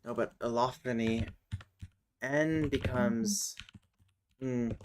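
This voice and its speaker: A woman's voice: a bass voice, steady tone, darkish tone, a little hiss or hum. A streamer chatting casually while working on a made-up language, muttering to herself as she looks things up. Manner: slow, muttering while typing and looking things up. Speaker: streamer building a constructed language. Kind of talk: casual livestream chat. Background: keyboard typing and clicking.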